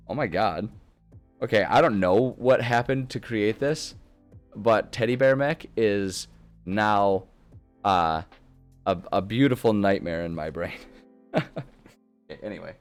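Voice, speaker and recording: A deep-voiced man chats away on a live stream, cheerful and easily delighted as he talks through what he is doing. His tone stays casual and chatty, with faint music playing behind him. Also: clear, resonant tone. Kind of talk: casual live-stream chat while building.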